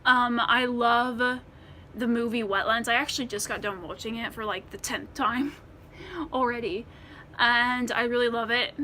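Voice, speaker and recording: American woman vlogger, slightly high and bright, loose rambling Q&A with lots of ums. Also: a little slow, slight background noise. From United States. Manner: rambling, many ums and restarts. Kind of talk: casual Q&A to camera.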